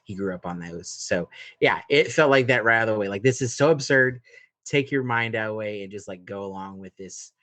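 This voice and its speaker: A man's voice: lowish voice, fairly quick, a bit bright, no room sound. A man co-hosting a podcast who talks loosely about a comic, with lots of fillers and trailing phrases. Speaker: podcast co-host. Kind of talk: casual chat about a comic.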